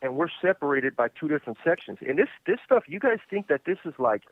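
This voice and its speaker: A man hosting a podcast, telling stories in a relaxed, rambling way full of "you know.". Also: fairly high pitch, quick pace, no room sound. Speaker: podcast host. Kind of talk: casual storytelling chat. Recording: tinny phone line.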